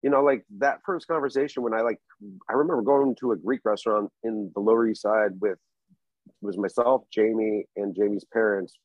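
A man from Oregon co-hosting a podcast, telling stories in a halting, rambling way. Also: on the low side, fairly even intonation, no echo, lo-fi sound. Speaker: podcast co-host. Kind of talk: casual chat.

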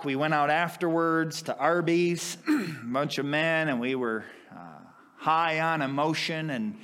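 A man preaching a sermon as pastor, with impassioned swells in pitch and volume. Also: fairly bright tone, clean tone.

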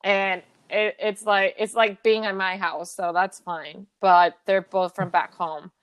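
A woman's voice: mid-range voice, level tone, measured pace, smooth. A woman co-hosting a podcast in casual chat, blunt, swearing freely and laughing often. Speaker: podcast co-host.

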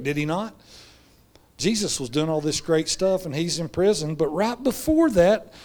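A man preaching a sermon, reading scripture aloud and then acting out the scene in lively, folksy voices. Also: on the high side.

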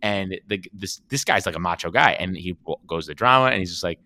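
A man's voice: on the low side, fairly quick, no echo. A man co-hosting a casual podcast, telling stories with lots of swearing and acted-out quotes. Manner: animated storytelling, swears, acts out quotes. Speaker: podcast co-host. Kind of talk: casual chat.

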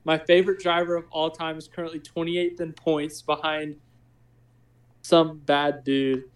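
A man's voice: on the high side, level tone, unhurried, close to an everyday voice. A man putting on a melodramatic, heartbroken racing fan, mock-tearful and overwrought. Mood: mock despair.

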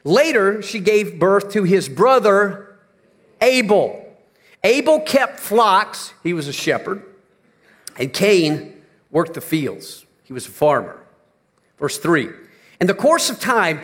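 In a large hall, a very animated male pastor preaches dramatically. He slows down and drops low for emphasis, then climbs to near shouts.

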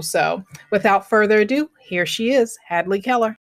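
Woman podcast host, chatty, animated, filler-heavy, mid pitch. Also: normal speed, few pauses. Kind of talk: casual interview chat.

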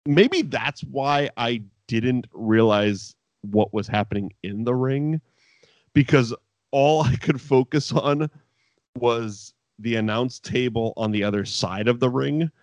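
A man's voice: mid-range voice, slow pace, no room sound. Rambling, profane male podcast host. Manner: rambling, profane, animated storytelling. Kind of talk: casual chat recapping wrestling.

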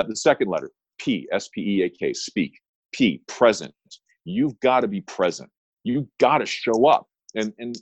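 A deep-voiced, middle-aged man is heard on a dry recording of poor audio quality. He's an attorney giving an interview as a guest, telling stories marked by emphatic, punchy repeated phrases.

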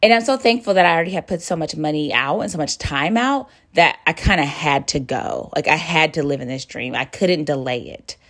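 A woman hosting a podcast, who talks straight to her listener in a warm, sisterly way and shares her feelings openly. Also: deep voice, expressive, fairly quick, hardly any pauses. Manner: emotive, sisterly, addresses listener directly. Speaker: podcast host. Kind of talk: personal motivational monologue.

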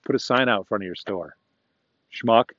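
A man's voice: on the low side, fast, bright, forceful tone, no echo, highs cut off. A man hosting a podcast, rambling casually to himself and his dog while walking outdoors and chuckling often. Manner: chatty and self-talking, chuckles often. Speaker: podcast host.

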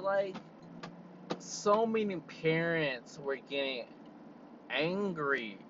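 A young man in a car, telling an exasperated, animated story as a casual vlog rant and leaning on "like" a lot. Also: medium pitch, highs cut off, a little hiss or hum. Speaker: vlogger.

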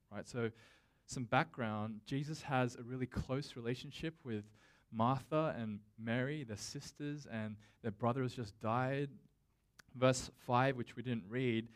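This man's sermon feels like a conversation with his congregation, spoken directly to them in an easygoing tone. He's a pastor with an average-pitched voice who leans on casual fillers and restarts rather than formal speechmaking.

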